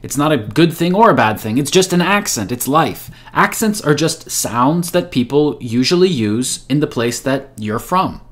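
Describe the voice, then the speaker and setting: A man's voice: on the high side, lively intonation, normal speed, few pauses, a bit bright. A man who is a native English speaker, giving a motivational English lesson and repeating his key points with emphasis. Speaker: English teacher.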